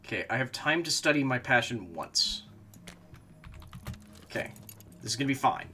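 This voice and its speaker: A man's voice: mid-range voice, animated, moderate pace, pauses often, pushed and bright, faint music behind. A man streaming a game, talking to himself as he plays and breaking into frustrated, swearing outbursts. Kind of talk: casual gameplay commentary.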